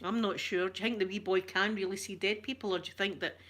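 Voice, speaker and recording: A Scottish woman with a bright, clear voice talks straight into a close mic. She rambles from one joke to the next and answers her viewers' comments as they come in. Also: mid-range voice, steady tone, fast. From Scotland. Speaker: ASMR channel host. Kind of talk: chatty live-stream talk.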